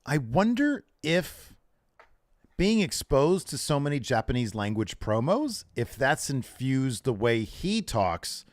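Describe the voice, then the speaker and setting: A man's voice: medium pitch, slow, no room sound. A man co-hosting a podcast, chatting casually and laughing easily as he recaps a wrestling show. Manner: animated, laughs easily, acts out quotes. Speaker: podcast co-host.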